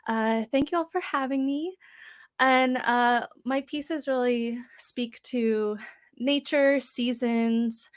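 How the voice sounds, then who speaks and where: A woman's voice: on the high side, slow pace. A woman poet introducing herself before a reading, hesitant, with many ums and uhs. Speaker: poet and guest reader.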